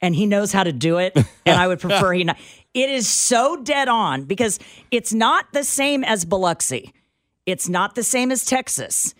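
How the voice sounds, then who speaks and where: A woman co-hosting a radio talk show, chatting in an animated, gushing way. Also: medium pitch, moderate pace, dry recording, clean studio sound. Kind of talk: casual radio banter.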